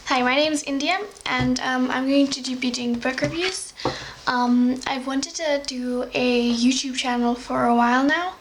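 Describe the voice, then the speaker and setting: A young woman with an English accent softened by American tones, talking casually as a book vlogger, rambling with lots of fillers and small giggles. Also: high-pitched, steady tone, measured pace, a little hiss or hum, rough recording. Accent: English, slightly Americanised. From England. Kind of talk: casual chatty monologue.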